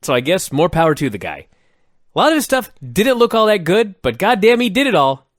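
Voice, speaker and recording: A man co-hosting a podcast, animated and quick to laugh, swearing for emphasis as he reviews old wrestling shows. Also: high voice, dry recording, studio quality. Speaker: podcast co-host. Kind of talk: casual review chat.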